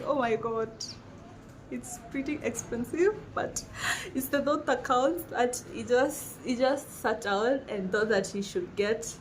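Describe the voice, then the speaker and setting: A woman's voice: a little high, a little slow, a little hiss or hum. A young woman with a Kenyan accent, gushing and laughing as she chats casually in a home vlog. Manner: excited, gushing, laughs often. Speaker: vlogger. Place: home sitting room.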